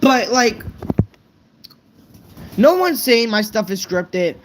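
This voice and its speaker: A woman's voice: on the high side, very animated, takes it slowly, a little hiss or hum, poor audio. A woman vlogger ranting unscripted to her viewers, blunt and profane, stumbling over her words. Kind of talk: unscripted rant to camera.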